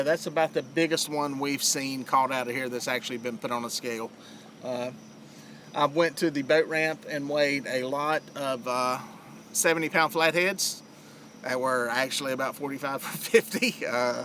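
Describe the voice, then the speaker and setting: Bright-voiced Southern man chatting live. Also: mid-range voice, steady tone, moderate pace, slight background noise. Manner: rambling, lots of uh fillers. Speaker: fishing livestream host. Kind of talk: casual live-stream chat. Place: outdoors on a lake.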